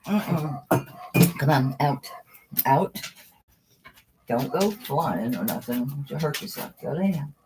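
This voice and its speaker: Chatty woman with a lively, swooping voice. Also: low voice, slow pace, long pauses, background noise. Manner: chatty, coos at her dog between bids. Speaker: online jewelry auctioneer. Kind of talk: casual live-stream auction chat.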